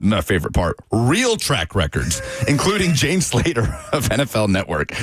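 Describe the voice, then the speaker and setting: Expressive man on sports radio. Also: on the low side, normal speed, dry recording. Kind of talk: casual sports radio banter.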